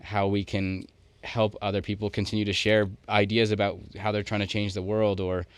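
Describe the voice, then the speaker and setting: Deep-voiced, smooth podcast co-host man. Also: flat delivery, normal speed, no echo. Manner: loose, thinking aloud in long run-on sentences. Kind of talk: casual podcast chat.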